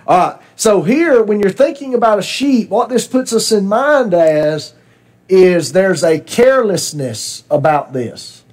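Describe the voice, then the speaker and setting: A man's voice: high voice, expressive, a little slow, a little mellow. A man teaching a Bible class in a church classroom, asking questions and repeating his students' answers.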